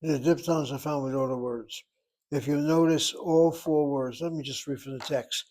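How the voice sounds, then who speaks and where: An older man teaching a Hebrew class, patiently explaining and slowly spelling out words. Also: a little high, steady tone, darkish tone. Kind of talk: classroom lesson.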